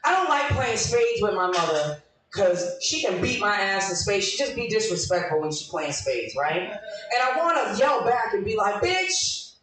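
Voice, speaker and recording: Woman, 40s, stand-up comic: loud and profane, very lively pitch, distant and echoey live-room sound. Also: moderate pace. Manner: brash, profane, laughing at her own jokes. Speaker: stand-up comedian. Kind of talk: live stand-up with crowd work. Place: small live comedy room. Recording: echoey room from far off, faint noise.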